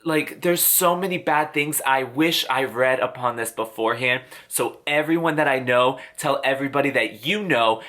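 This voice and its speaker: A man's voice: mid-range voice, normal speed, few pauses, pushed and bright. A young man telling an angry storytime rant to camera, heated and indignant. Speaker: vlogger.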